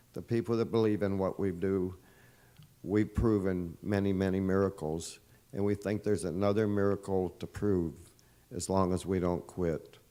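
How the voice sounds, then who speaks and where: A man's voice: low-pitched, dark tone. A man, leader of a volunteer search group, giving an earnest, emotional statement at a press conference. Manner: earnest, emotional, insistent and repetitive.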